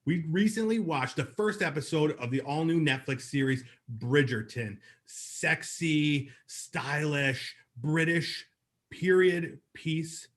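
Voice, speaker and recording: A man's voice: a little high, slow pace. A man co-hosting a podcast, reviewing a TV episode in a chatty, upbeat way with lots of fillers. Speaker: podcast co-host. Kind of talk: casual review chat.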